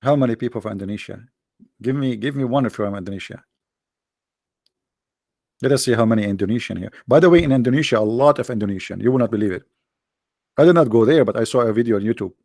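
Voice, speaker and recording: A middle-aged man hosting a livestream, joking sarcastically and reading the chat aloud, in halting non-native English. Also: medium pitch, a little mellow, no echo, studio quality. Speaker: livestream host. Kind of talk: casual live-chat banter.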